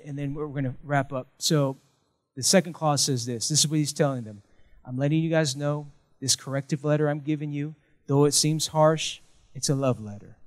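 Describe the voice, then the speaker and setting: A middle-aged man preaching a sermon as pastor, animated, with chants and call-and-response to the congregation. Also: a little high.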